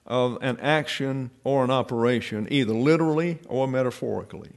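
A man's voice: medium pitch, a little fast, creaky, hardly any pauses. A middle-aged man giving a verse-by-verse Bible lesson in a scholarly way, with dry asides and frequent fillers. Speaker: Bible teacher.

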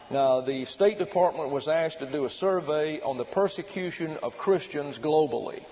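Slightly high male preacher, lo-fi. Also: in a large hall. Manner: deliberate, emphatic teaching delivery. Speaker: pastor. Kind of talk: sermon with read-out excerpts. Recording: dull lo-fi recording with faint hiss.

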